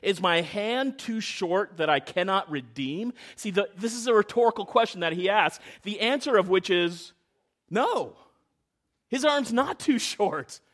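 A man preaching a sermon, telling a childhood story, swinging from hushed to loud and often stumbling and repeating words. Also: high-pitched, expressive, unhurried. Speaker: pastor.

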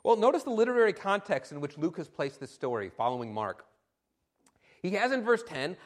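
A man preaching a sermon in an animated, emphatic way, with occasional fillers. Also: high voice, a little fast.

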